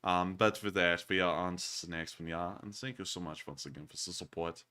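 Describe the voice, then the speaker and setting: A Southern US man in his twenties co-hosts a war news show, answering super chats on a casual livestream. He's jokey and excitable, laughing often, with a voice that sits low and sounds smooth.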